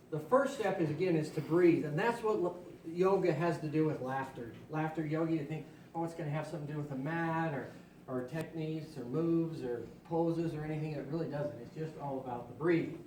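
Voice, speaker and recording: A man's voice: a little high, a little mellow, a little hiss or hum. A man leading a group in laughter yoga, coaxing people along and cheering them on between exercises. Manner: upbeat, coaxing, calls out cheers. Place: indoor room with a group. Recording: echoey room from a distance.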